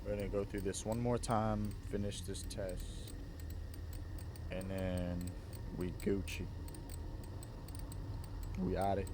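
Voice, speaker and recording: A man's voice: low voice, little pitch movement, takes it slowly, long pauses, background noise. A man giving casual, laid-back gameplay commentary with slangy asides as a gaming YouTuber.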